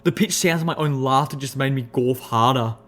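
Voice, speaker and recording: A man giving a first-person audiobook narration in an expressive, measured storytelling voice. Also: mid-range voice.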